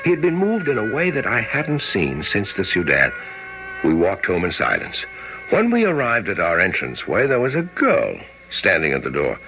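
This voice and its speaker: An actor playing a calm, wry male friend who narrates and asks measured, gently questioning lines, in old-time radio acting. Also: lowish voice. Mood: storytelling. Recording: dull old radio recording with music.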